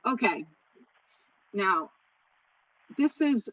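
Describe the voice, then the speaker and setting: A woman leading a live real estate training session, chatty and animated, often stopping herself mid-thought. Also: fairly high pitch, fairly quick, distant mic, dull audio. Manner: chatty, animated, self-interrupting.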